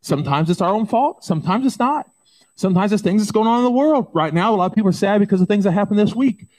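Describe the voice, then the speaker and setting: A man preaching a sermon, telling the story dramatically and breaking into folksy asides, swinging from loud urgency to a hush. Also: high-pitched, expressive, fast, slight background noise.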